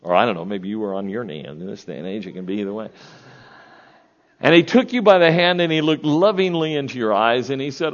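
A man's voice: mid-range voice, expressive, brisk. Man, sixties, pastor, folksy sermon, questions to the congregation, church, muffled recording.

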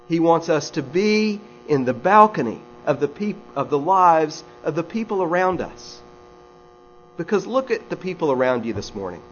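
Folksy male preacher telling stories. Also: a little high. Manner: folksy storyteller with conversational asides. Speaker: pastor. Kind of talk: sermon with humorous stories. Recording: slightly dull recording with faint mains hum.

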